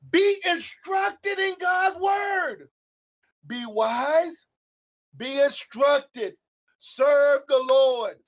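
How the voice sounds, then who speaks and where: Man preaching, very high-pitched, loud emphatic delivery with sudden quiet drops. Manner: shouting emphatic lines, swinging between loud and hushed; calls out to listeners by name. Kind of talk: sermon.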